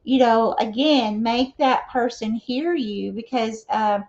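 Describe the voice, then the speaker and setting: During a live tarot reading, a woman speaks at a slow pace in a darkish voice that sits on the high side. She keeps it casual, regularly checking in with viewers and dropping frequent "okay?" and "you know" fillers. It's recorded with dull lo-fi sound.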